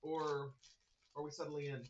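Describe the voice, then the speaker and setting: Giggly, high-voiced man running the game. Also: measured pace, dull audio, slight background noise. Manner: giggly, animated. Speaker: game master. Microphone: video call.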